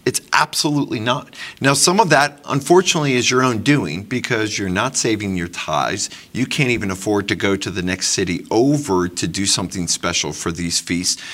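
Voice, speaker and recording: A man with a low voice leads a congregation discussion in a sermon style. He builds from measured talk into emphatic, pressing exhortation. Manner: emphatic, rising to forceful exhortation. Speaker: congregation teacher.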